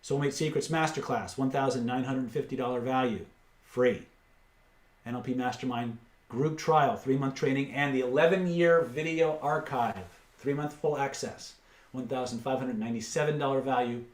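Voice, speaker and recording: A man hosting a live webinar, pitching course packages, reading out prices and answering chat questions with blunt asides. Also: moderate pace, roomy sound. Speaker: webinar host and seller.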